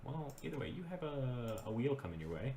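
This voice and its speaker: Really low woman's voice narrating a tabletop fight, slow and deliberate, swings all over. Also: sing-song, very noisy. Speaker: game master. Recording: roomy echo.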